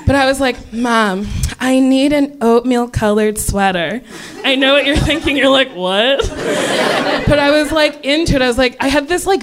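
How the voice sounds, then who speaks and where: Comic storyteller, young adult woman, high voice, giggly and chatty, does the quotes, faint background noise. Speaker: comedian telling a story.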